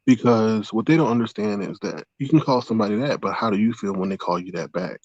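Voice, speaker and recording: Low-voiced man on dull, dry lo-fi audio. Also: a little mellow, no echo. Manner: measured, lays out his points one by one. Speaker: guest from the chat. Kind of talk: casual live-stream chat.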